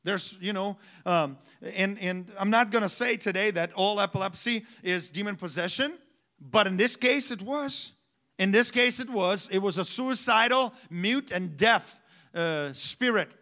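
A man's voice: high voice, a little slow, sharp tone. A man in his thirties preaching a sermon in a conversational way, asking the congregation rhetorical questions. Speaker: pastor.

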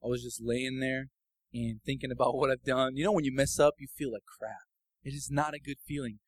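A man giving a casual, personal sermon testimony that builds into fervent, loud preaching. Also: mid-range voice, steady tone, fairly quick, no echo, low-quality recording.

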